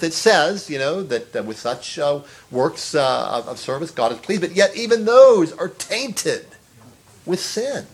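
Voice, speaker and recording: A man preaching an earnest sermon, stressing phrases, repeating words and rising to exclamations. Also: on the high side. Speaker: pastor.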